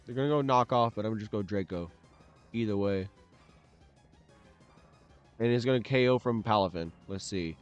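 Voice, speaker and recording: With soft music in the background, a young gaming commentator casually mutters through each move of his own competitive match, now and then letting out loud frustrated shouts. His medium-pitched voice is expressive, clear and resonant, at normal speed. There's no room sound.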